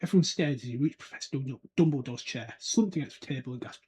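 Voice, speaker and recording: A man with a medium-pitched, slightly mellow voice talks fast as he hosts a podcast, chatting loosely about a book chapter. He laughs frequently and puts on silly character voices, with slight background noise in the recording.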